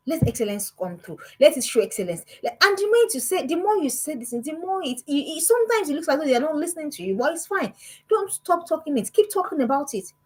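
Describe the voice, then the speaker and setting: A woman's voice: high voice, breathy edge, poor audio. A woman, giving an emphatic motivational talk to parents as a parenting coach and firing off repeated words and rhetorical questions.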